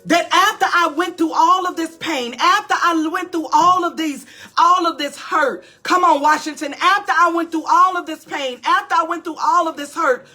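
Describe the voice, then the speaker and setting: High, bright-voiced woman preaching emphatically. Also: moderate pace, soft background music. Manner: emphatic and repetitive, calling out to listeners. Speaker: pastor. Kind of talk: preaching-style motivational talk.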